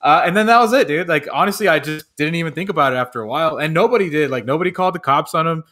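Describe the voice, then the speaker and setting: A man's voice: a little high, very fast, a bit bright. A man on a sports talk show telling a story in a laid-back way, swearing often. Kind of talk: casual storytelling.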